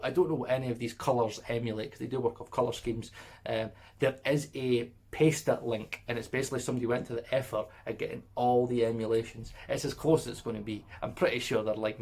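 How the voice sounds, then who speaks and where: A man's voice: mid-range voice, darkish tone, breathy edge. A man hosting a casual review vlog, talking in a rambling, chatty way with lots of asides and tag questions, and laughing between words. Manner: laughs mid-sentence. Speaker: audio plugin reviewer, channel host.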